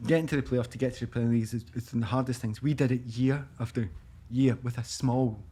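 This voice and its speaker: A man in his fifties with a Glaswegian Scottish accent, a guest telling lively anecdotes in casual chat and laughing often. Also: mid-range voice, quick pace, slightly rough. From Scotland, east end of Glasgow. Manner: animated anecdotes, acts out quoted voices, laughs often. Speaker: guest, former footballer.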